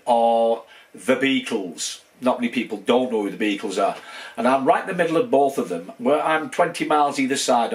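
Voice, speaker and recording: A man in his sixties with a broad northern English Wigan accent, giving a rambling, casual update to his channel's viewers. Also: medium pitch. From northwest England. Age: 60s. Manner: rambling, with many fillers and restarts. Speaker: channel host.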